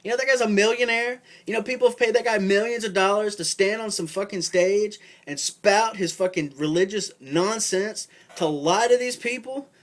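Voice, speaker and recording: A young man with a fairly high voice vents in a loose, rambling monologue. He swears often, leans on filler words, and grows heated as he goes. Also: normal speed, few pauses. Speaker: vlogger. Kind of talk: casual ranting monologue.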